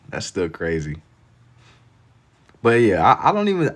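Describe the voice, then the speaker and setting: His voice sits low with a breathy edge as he draws live for his stream. He casually reads viewer comments in a slangy, easygoing manner, laughing often.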